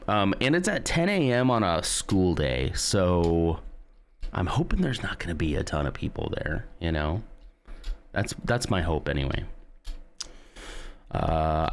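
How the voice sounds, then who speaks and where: A man in his thirties, a streamer chatting casually with his viewers in a rambling way. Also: low-pitched. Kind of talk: casual chat.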